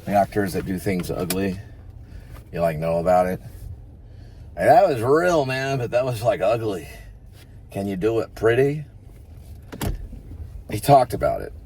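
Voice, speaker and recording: A man's voice: low-pitched, mellow, a little hiss or hum. A man who acts, telling rambling stories to the camera in a casual vlog, repeating himself as he goes. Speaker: actor and vlogger.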